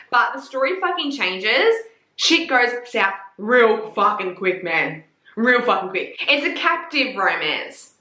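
A woman's voice: fairly high pitch, sharp tone. A young woman reviewing books in a casual chat, gushing and swearing a lot, with plenty of "like" fillers. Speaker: book reviewer. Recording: echoey room.

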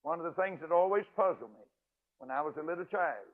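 Older preacher man, folksy and emphatic, kinda high voice, tinny radio sound. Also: animated, quick pace. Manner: folksy, emphatic, swings from loud to hushed. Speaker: evangelist preacher. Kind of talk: folksy storytelling sermon. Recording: tinny radio broadcast audio.

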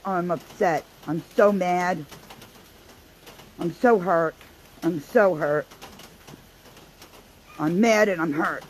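A vlogger mocking a sulky online personality who dwells on being hurt. The delivery is slow and mopey, and the complaints come back again and again. There is a faint hiss of noise behind the voice. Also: medium pitch, natural voice, rough recording. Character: wounded online personality, mannerisms mimicked.

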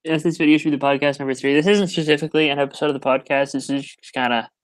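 A man's voice: fairly high pitch, fairly even intonation, rapid-fire, dry recording. A man hosting a casual livestream, chatting and joking in a dry, matter-of-fact way. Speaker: livestream host.

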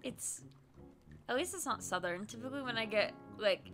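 High, bright-voiced excitable woman streamer. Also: normal speed, soft background music. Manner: loud, excitable, bossy step-by-step instructions, laughing often. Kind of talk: casual gameplay chat.

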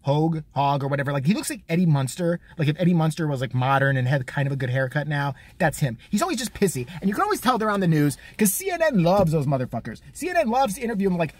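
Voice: medium pitch, big pitch swings, no room sound. A vlogger delivering a crude, mocking, profane comedic rant. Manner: crude, mocking, fast-talking.

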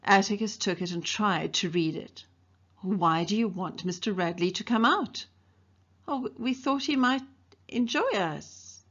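A woman's voice: medium pitch, measured pace, husky, highs cut off. A woman English teacher from South Africa reading a novel aloud to her students, lifting her voice for the characters' dialogue. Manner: reads dialogue in brighter, livelier voices for the characters.

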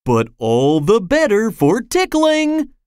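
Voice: medium pitch, huge pitch swings, takes it slowly, dry recording, clean studio sound, voice pushed up. A narrator voicing a cheerful, long-armed male storybook character who is always looking for someone to tickle. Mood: jolly. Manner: bright and jolly. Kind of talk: storybook reading.

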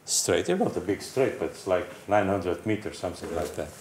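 Among friends on a panel, an older man shares a casual racing anecdote, performing voices and crash sounds with frequent laughter. His deep, a little mellow voice has lively intonation and is a little fast, recorded with roomy echo and faint hiss.

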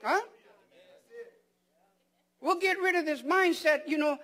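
A man's voice: extremely high pitch, slow pace, long pauses, bright, forceful tone. A man preaching a sermon as pastor, firing rhetorical questions at the congregation and repeating words for emphasis.

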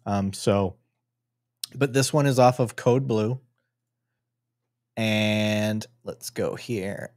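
A man's voice: lowish voice, fairly even intonation, very slow, pauses often, a little mellow, dry recording. Joking male live-stream host, dry sound. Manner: casual, joking, swears freely. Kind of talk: live reaction commentary.

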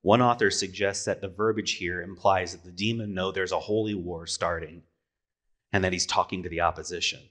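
A man delivers a sermon from the pulpit in a relaxed, conversational way. His voice sits a little low, and he keeps asking rhetorical questions and correcting himself mid-sentence. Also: fairly quick. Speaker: pastor.

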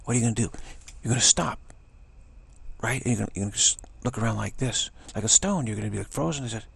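An older man gives a meandering spiritual talk, circling back and repeating his points. His voice is low, deeply gravelly and husky. He now and then drops into a whisper for emphasis. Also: expressive, fast talker, a bit bright. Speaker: spiritual teacher.

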